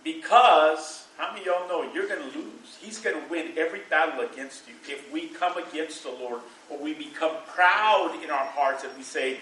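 A man's voice: a little high, normal speed, fairly bright tone, roomy sound, far from the mic, a little hiss or hum, rough recording. A middle-aged man preaching a sermon to a church congregation, in a loose, conversational way, with fillers and bursts of laughter. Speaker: pastor.

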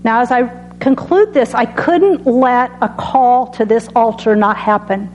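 A woman preaching a sermon that ends with an altar call. She speaks earnestly and drops to a soft hush on her key lines. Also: fairly high pitch, lo-fi sound, a little hiss or hum. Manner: earnest, dramatic pauses, drops to soft tones on key phrases.

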